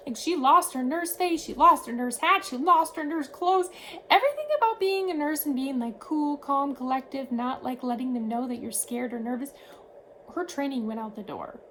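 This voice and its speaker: Woman vlogger, high voice, animated conversational storytelling, faint background hiss. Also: poor audio. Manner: animated, quick shifts in tone when retelling. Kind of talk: casual storytelling to camera.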